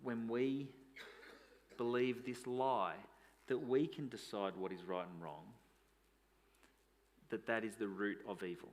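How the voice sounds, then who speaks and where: A man's voice: on the low side, fairly even intonation, slow pace, long pauses. A man, a pastor preaching a sermon in a conversational way, asking rhetorical questions.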